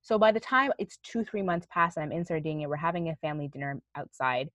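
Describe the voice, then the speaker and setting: A young woman telling a story in a casual chat, animated and swearing casually. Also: sits low, fast, no echo. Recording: dull, dry sound.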